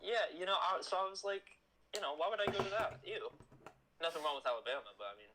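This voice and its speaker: An excitable young man rambling through a casual stream chat. His voice is fairly high, and steady noise sits clearly behind it. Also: fast. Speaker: co-host friend.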